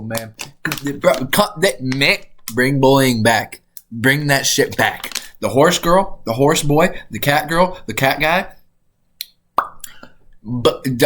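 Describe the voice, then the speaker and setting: A man's voice: medium pitch, a bit bright. Male streamer, blunt and profane, reacting live over faint hiss. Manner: blunt, swearing, repeats "bro". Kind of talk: casual profane rant.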